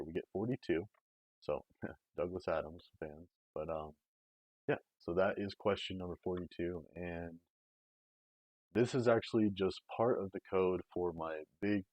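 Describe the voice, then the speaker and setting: This deep-voiced man live-streams a casual coding walkthrough, thinking aloud as he rambles and fills gaps with fillers. The dry, dull recording comes from a desk microphone placed close to him.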